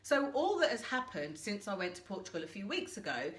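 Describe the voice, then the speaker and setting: A woman's voice: medium pitch, sing-song, brisk, a bit bright. A British woman hosting a live coaching session from home, chatting and asking viewers questions. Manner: chatty, asks listeners reflective questions and greets viewers. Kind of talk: live-stream coaching talk. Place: home, washing machine running nearby. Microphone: laptop or phone camera for a live stream. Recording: roomy home live stream, washing machine hum.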